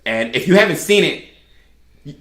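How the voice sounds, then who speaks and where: A woman on a podcast panel, telling her story in an animated, emphatic way in casual chat. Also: deep voice, moderate pace, roomy sound. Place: podcast studio room.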